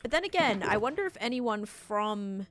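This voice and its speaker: A woman's voice: mid-range voice, animated, normal speed, background noise. A woman with an Australian accent chatting casually while gaming live, rambling and filling her talk with "like". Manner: rambling, chatty, heavy use of "like". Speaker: livestreamer.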